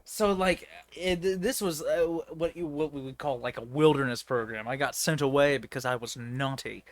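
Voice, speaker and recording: A young man co-hosting a casual podcast, joking, swearing and acting out stories. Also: normal speed. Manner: joking, acts out quotes in high voices, swears. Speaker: podcast co-host. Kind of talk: casual chat.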